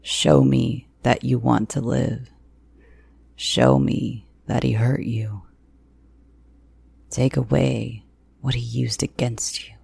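A woman doing a low, menacing male captor. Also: level tone, slow, gravelly, pauses often, warm tone, breathy edge, heavily acted.

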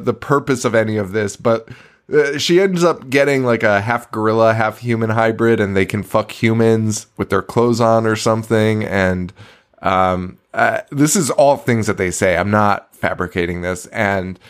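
A man co-hosting a podcast, casually recapping a movie in a rambling, profane way, stumbling over words and laughing often. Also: lowish voice. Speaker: podcast co-host.

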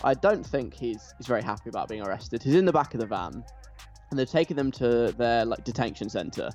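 A man's voice: medium pitch, animated, fairly quick, a little mellow. A man hosting a radio show, chatty and enthusiastic. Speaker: radio host. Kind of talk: casual radio chat. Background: faint music.

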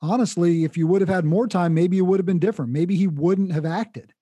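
A man's voice: sits high, fairly quick, dark tone, slightly rough, no echo. A male interviewer who reflects on and sums up his guest's story before asking what came next. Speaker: interviewer host. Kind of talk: interview questions.

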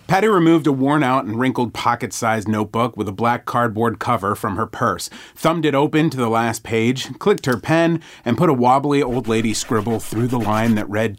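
A male podcast host giving measured, dramatic narration of a scary story. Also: mid-range voice, a little hiss or hum. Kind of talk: scripted horror story narration.

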